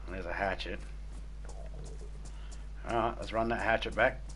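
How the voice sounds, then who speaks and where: A man's voice: fairly low pitch, steady tone, moderate pace, a bit bright, slight background noise. An Australian man chatting casually while streaming a game, crude and swearing heavily as he tells stories. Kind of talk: casual chat while gaming.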